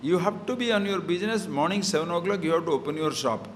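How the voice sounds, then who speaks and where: A man's voice: sits high, fast, a little hiss or hum. A man giving a scripture talk, explaining Sanskrit verses with everyday examples and rhetorical questions. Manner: mixes Sanskrit verses into English. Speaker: spiritual teacher.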